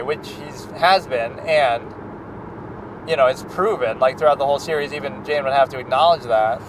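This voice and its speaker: A man's voice: mid-range voice, moderate pace, noisy background. A man giving casual, opinionated reaction commentary on a TV series, rambling with lots of fillers. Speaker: show commentator.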